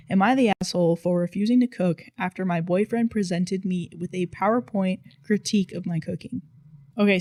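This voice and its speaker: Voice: medium pitch, a little mellow, no room sound. A narrator reading online posts aloud in casual storytime style, with dry, playful emphasis.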